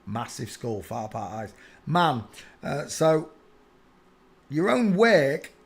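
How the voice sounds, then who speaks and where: A man's voice: medium pitch, sing-song, slow pace, gravelly. A man giving a casual, mocking rant over pictures as an online commentator, breaking into laughter and chanting phrases over and over.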